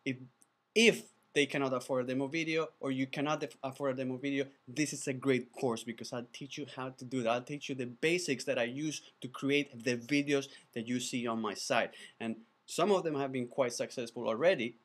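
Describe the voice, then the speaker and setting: A man who is not a native English speaker, pitching his video course in an enthusiastic, chatty way, often restarting his words. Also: steady tone, brisk, fairly bright tone. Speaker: animated video producer teaching a course. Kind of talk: casual course pitch to camera.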